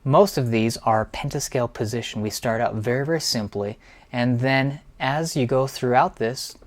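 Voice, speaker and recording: A man in middle age talks through his own piano pieces as a teacher. His delivery is enthusiastic and explanatory, the tone of someone guiding fellow teachers through a book. His pitch sits in an ordinary middle range. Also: normal speed. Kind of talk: instructional walkthrough.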